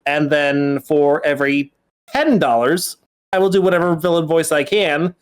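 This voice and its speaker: A man's voice: on the high side, moderate pace, clear, resonant tone. A man chatting casually with a friend on a voice call, laid-back and wry. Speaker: friend on the stream.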